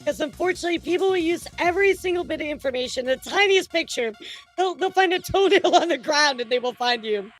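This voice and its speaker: A chatty woman reacting to clips for her viewers, her voice sitting high. Faint music plays softly beneath her. She speaks loosely and casually. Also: animated, quick pace. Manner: chatty, addresses chat directly. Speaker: commentary streamer.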